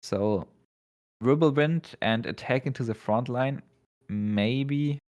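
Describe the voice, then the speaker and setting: A man giving color commentary on a card game match, unhurried and slightly halting. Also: medium pitch, a little mellow. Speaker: esports co-caster.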